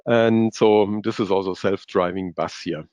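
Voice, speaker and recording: A man speaking as a guest expert in a webinar presentation, halting with many fillers and non-native English phrasing. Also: sits low, fairly even intonation, darkish tone, no room sound. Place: based in Europe. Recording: dull, lo-fi webinar audio.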